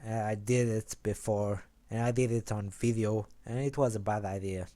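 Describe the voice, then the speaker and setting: A man's voice: steady tone, moderate pace, mellow. A young man casually rambling through an explanation of his card game deck, correcting himself as he goes. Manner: rambling, self-correcting, low-key.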